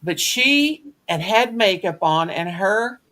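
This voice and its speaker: A woman's voice: mid-range voice, animated, takes it slowly, fairly bright tone. A middle-aged woman, hosting a live crafting chat and telling folksy, blunt stories. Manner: folksy storyteller, earthy and blunt. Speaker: craft stream host. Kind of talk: casual chat on a live stream.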